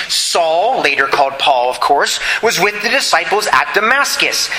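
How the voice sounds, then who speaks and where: A man's voice: high voice, pushed and bright. A man preaching a sermon to a congregation, earnest and emphatic, repeating his key points. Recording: echoey hall with long reverb.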